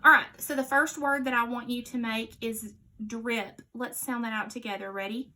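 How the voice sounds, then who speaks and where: A woman teaching children a phonics lesson, giving slow, clear, patient instructions and dropping to a quiet voice for the answers. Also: fairly high pitch, steady tone.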